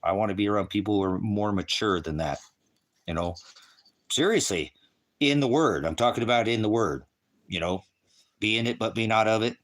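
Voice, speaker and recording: A man's voice: lowish voice, expressive, normal speed, long pauses. Combative man ranting to chat. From United States. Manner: confrontational, insulting, swearing; repetitive and rambling. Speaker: online preacher answering live chat. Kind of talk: combative livestream rant.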